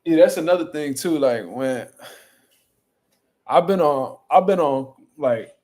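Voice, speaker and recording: Young dude ranting on his boxing live, cussing a lot, kinda high voice, rambling and bragging. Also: animated, unhurried, darkish tone. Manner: profane, boastful, rambling storytelling. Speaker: boxing channel host. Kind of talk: casual livestream chat.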